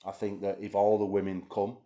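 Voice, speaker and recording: Host, male, low-pitched, crude teasing banter. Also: monotone, a little fast, dark tone. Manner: crude, teasing, laughs often. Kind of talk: casual banter.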